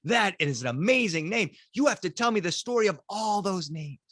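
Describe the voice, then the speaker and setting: A man's voice: high voice, expressive, normal speed, a bit bright, no room sound, studio quality, pitched above the performer's own voice, exaggerated voice. A man voicing a large school principal who questions a child firmly but kindly. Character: big school principal, stern at first, then kind.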